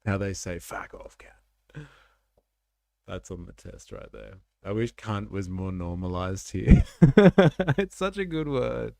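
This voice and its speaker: Gravelly low-voiced man streamer. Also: expressive, measured pace, no echo, clean studio sound. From Australia. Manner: laid-back, joking, swears freely, laughs loudly. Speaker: live stream host reacting to videos. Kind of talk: casual live reaction chat.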